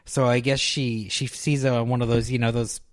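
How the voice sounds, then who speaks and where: A man's voice: medium pitch, level tone. A young man talks through a story in a loose, meandering way, stopping and restarting often and filling gaps with "um." His voice sits in a middle register. He tends to poke fun at himself. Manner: rambling, halting with many ums and restarts, self-deprecating. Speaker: podcast co-host reviewing films. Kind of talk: casual chat.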